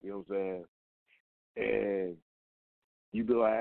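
A low-voiced man rants bluntly and profanely, circling back to the same complaints with question after question. His voice is dry and close, squeezed into a thin, phone-like band. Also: fairly even intonation, slow pace, vocal fry, long pauses, no room sound. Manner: blunt, profane and repetitive, hammering each point with rhetorical questions. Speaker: host of a rant show. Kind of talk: casual profane rant. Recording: dry, tinny phone-like sound.

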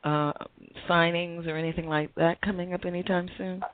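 A male radio host running an interview, brisk and affirming as he moves things along. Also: a little high, flat delivery, slight background noise. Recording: tinny phone line.

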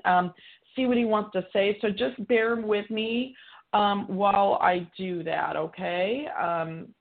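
A woman's voice: medium pitch, vocal fry, narrow, tinny audio. A woman psychic medium giving a live reading on a call-in show, chatty, relaying messages as quotes.

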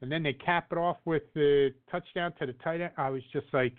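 A man's voice: a little high, normal speed. Man chatting sports, tinny phone-like sound. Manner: rambling, many fillers and restarts. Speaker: podcast co-host. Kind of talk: casual sports chat.

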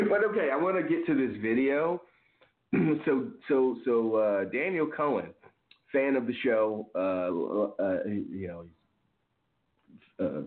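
A man chatting on a wrestling podcast in a relaxed, slangy way, laughing between thoughts. His voice sits fairly low. The sound is roomy and echoey, squeezed through a narrow phone line. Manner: laid-back, laughs often, slangy. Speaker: podcast co-host. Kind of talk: casual chat.

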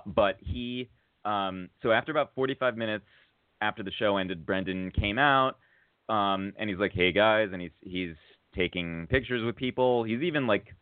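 A man on a podcast telling a long casual story, full of fillers and restarts, getting excited at the funny parts. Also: on the low side, no room sound. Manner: rambling, filler-heavy, rises to excited laughter at funny moments. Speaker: podcast co-host. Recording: tinny phone-like audio.

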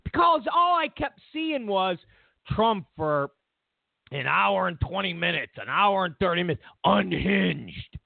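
A high-pitched, sing-song male voice, unhurried and creaky, rants about current events on his own show. The political commentary is casual, sarcastic and mocking. There's no echo, just a dry, phone-like tinny sound.

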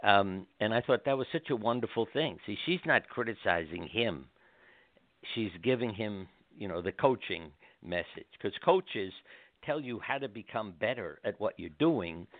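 An older man speaks as a doctor and guest, with a low voice. His stories unfold gently and he slips into the voices of the people he quotes. The sound is a dry, tinny phone line. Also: animated, moderate pace, no echo. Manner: gentle, anecdotal, acts out quotes. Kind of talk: storytelling interview.

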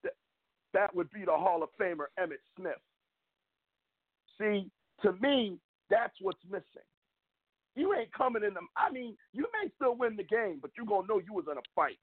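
Fired-up man ranting on a phone line. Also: no echo. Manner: fired up, rants with rising pitch. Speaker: podcast co-host. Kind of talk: sports talk podcast. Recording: tinny phone-like call line.

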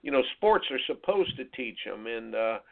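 A male radio host interviewing a guest in an earnest, measured way, asking his questions slowly. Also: medium pitch, big pitch swings, vocal fry. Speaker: radio show host and tennis coach. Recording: phone-like narrow sound.

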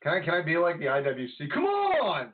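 A man co-hosting a podcast, chatting casually about wrestling in an animated, exasperated way. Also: on the high side, rapid-fire. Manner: animated, exasperated ranting, breaks into laughter. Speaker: podcast co-host. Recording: tinny phone-like audio.

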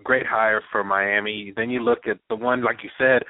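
A man's voice: lowish voice, steady tone, moderate pace, dry recording. A man, a guest sports blogger, chatting casually about college football coaching hires, often repeating words as he thinks. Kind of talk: casual podcast chat. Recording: dry, phone-like line.

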